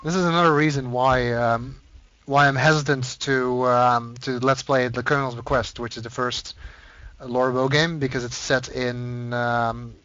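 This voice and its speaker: A man's voice: medium pitch, steady tone, unhurried, fairly bright tone, smooth. A man with a Dutch accent chatting casually while playing a game on stream, rambling and easily distracted. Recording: dull lo-fi sound with faint hiss.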